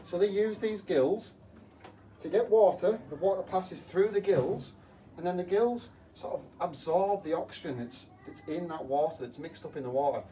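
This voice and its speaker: With a high, dark-toned voice at normal speed, a man who works as an aquarium technician keeps up a playful patter for children while cleaning their school tank, quizzing them with rhetorical questions. A slightly distant mic captures it, along with a faint hum.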